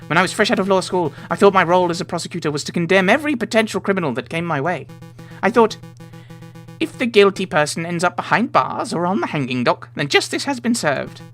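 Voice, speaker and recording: A man's voice: sits high, expressive, fast talker, a bit bright, faint music behind, pitched above the performer's own voice. A man voicing an earnest young male sparrow prosecutor in a visual novel, reading the lines with feeling.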